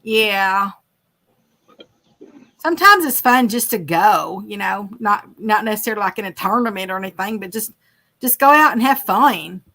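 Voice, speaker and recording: A woman's voice: mid-range voice, lively intonation, normal speed, pushed and bright. A woman hosting a fishing livestream, chatting casually and teasing while reading viewer comments aloud. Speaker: livestream host reading chat. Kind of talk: casual chat.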